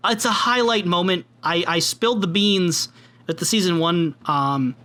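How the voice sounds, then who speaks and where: A man's voice: high voice, moderate pace, bright, forceful tone. A man co-hosting a podcast in casual chat, laughing often and acting out lines he quotes. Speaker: podcast co-host.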